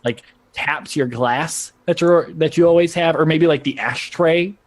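A man's voice: fairly high pitch, measured pace. A man narrating as game master of a tabletop role-playing game, rambling with frequent fillers and laughter.

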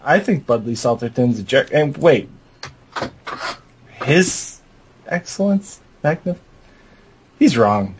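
A man's voice: medium pitch, big pitch swings, takes it slowly, pauses often, slight background noise. A man co-hosting a comedic podcast, dry and mock-grumpy in his banter. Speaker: podcast co-host.

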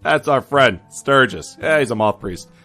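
A man's voice: mid-range voice, lively intonation, moderate pace, pushed and bright, soft background music. A man voicing a boisterous, dim-witted knight who rambles with many fillers, in an audio drama. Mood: brash.

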